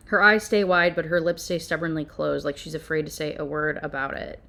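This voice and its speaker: A woman's voice: sits low, steady tone, fairly quick, few pauses, a bit bright. A woman reviewing a novel, reading passages aloud and breaking off into sarcastic, exasperated rants. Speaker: book reviewer.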